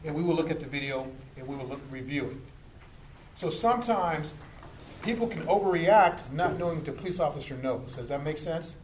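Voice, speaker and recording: A fairly high-voiced man, a police lieutenant, lays out how stops and complaints work, jumping into little acted scenes along the way. His voice rings around an echoey room with a faint hiss underneath. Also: fairly quick. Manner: animated, acts out street scenes. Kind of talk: explaining to a group.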